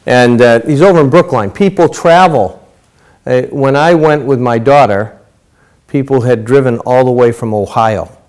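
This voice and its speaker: A middle-aged Zen teacher gives a relaxed dharma talk, telling a story at an unhurried pace. He speaks at an everyday middle pitch and pads his phrases with fillers. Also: smooth. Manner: casual storytelling, many fillers.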